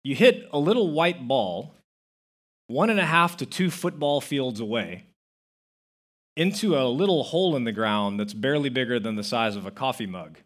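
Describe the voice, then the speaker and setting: A man delivering a sermon as pastor speaks at medium pitch with an expressive tone and moderate pace. He tells stories, performs the quoted lines, and hits key words with emphasis.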